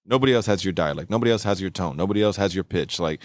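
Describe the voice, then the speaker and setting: A man's voice: low voice, dry recording, clean studio sound. A man co-hosting a casual podcast chat at a convention, rambling with lots of "like" and "man". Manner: fast, rambling, heavy on "like" and "man". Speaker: podcast co-host.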